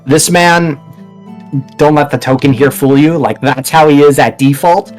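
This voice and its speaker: A man's voice: on the high side, unhurried. Man, game master, rambling casual narration, faint music.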